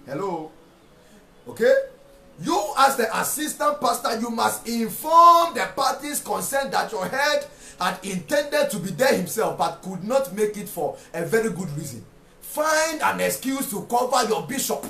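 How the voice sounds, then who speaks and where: Fiery high-voiced preacher. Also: male voice, very animated, measured pace, vocal fry, pushed and bright. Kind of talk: sermon. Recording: echoey room with faint music.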